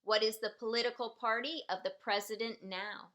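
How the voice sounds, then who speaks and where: A woman's voice: fairly high pitch, fairly even intonation, a little fast, a bit bright, highs cut off. A woman teaching a citizenship preparation class, patiently repeating each question and sentence so learners can follow. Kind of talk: slow, clearly enunciated teaching.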